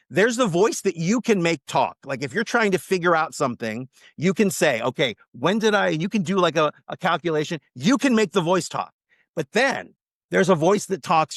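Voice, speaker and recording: Mindset coach guy on a podcast, emphatic, slightly high voice, dry close sound. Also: dry recording. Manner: emphatic, animated motivational talk. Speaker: guest teaching mindset. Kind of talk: casual podcast interview.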